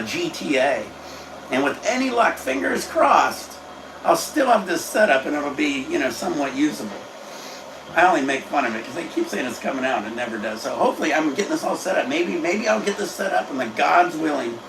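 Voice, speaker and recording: A mid-pitched man with a gravelly, fried texture chats loosely on a home livestream. He rambles, curses casually and keeps an easygoing tone. The sound is roomy and echoey, with a faint hiss behind it. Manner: rambling, laid-back, swears casually. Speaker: livestream host. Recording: echoey room, faint background noise.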